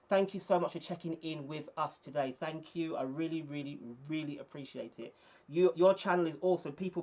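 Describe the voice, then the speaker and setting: Friendly man chatting on a livestream. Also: a little high. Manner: chatty and friendly, thanks viewers by name. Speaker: small YouTuber hosting a livestream. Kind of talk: casual live-stream chat reading viewer comments. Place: indoors under bright lights.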